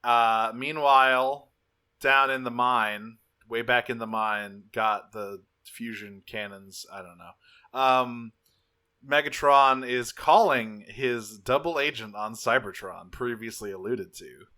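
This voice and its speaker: Bright-voiced swearing podcast man. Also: mid-range voice, fairly even intonation, slow pace. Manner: profane, rambling storyteller. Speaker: podcast co-host. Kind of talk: casual episode recap chat.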